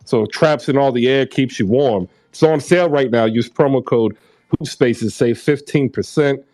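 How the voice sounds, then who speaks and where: A man's voice: medium pitch, moderate pace, a little mellow, no echo. A man in his thirties hosting a casual online chat, who laughs easily and rambles loosely through an ad read. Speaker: host.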